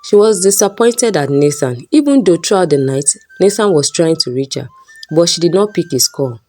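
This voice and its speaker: A woman's voice: fairly low pitch, lively intonation, moderate pace. A woman narrating a folk story aloud in a plain read-aloud manner. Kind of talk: storybook narration with character voices. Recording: soft background music.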